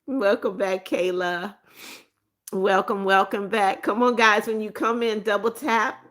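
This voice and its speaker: A woman's voice: mid-range voice, steady tone, measured pace. A woman hosting a live stream, reading viewers' comments aloud, laughing often and greeting people with blessings. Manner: repeats phrases, scolds gently. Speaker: livestream host reading chat. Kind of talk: casual live chat.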